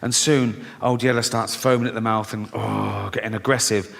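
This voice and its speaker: A man's voice: lowish voice, fairly even intonation, normal speed, vocal fry. A man doing stand-up comedy, swearing, acting out bits, and laughing at his own jokes. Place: large theatre with audience. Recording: live hall recording with loud crowd laughter.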